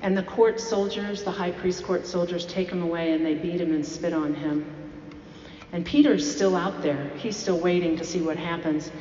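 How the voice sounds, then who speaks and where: A woman's voice: on the low side, steady tone, moderate pace, mellow, a little hiss or hum. Woman preaching in an echoey hall. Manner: storytelling, rhetorical questions to the congregation. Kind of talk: sermon. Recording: echoey hall, dull lo-fi sound.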